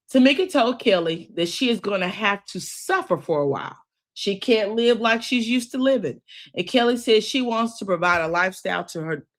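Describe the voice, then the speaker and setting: A woman hosting a casual recap of a reality TV episode, chatty and opinionated, often calling her listeners "child" and "girl.". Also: mid-range voice.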